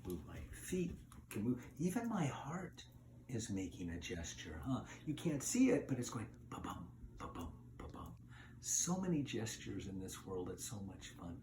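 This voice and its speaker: A man leads a lesson for preschool children, telling a fairy tale and acting out every gesture as he goes. His pitch leaps and dips with lively range. There is clear noise in the background of the recording. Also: a little slow. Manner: animated, acts out voices and gestures. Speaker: pre-K teacher. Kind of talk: storytelling lesson for young children.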